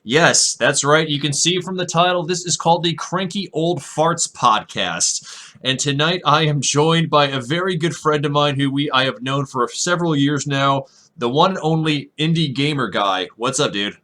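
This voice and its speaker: A middle-aged man hosting a casual podcast chat, animated and full of fillers. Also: on the high side, normal speed. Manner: animated, laughing, uses many fillers. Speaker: podcast host.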